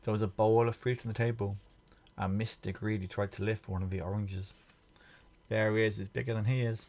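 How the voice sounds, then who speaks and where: A man reading a children's picture book aloud in a gentle way, pointing out the pictures to the listener. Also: on the low side, fairly even intonation, brisk. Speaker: storybook reader.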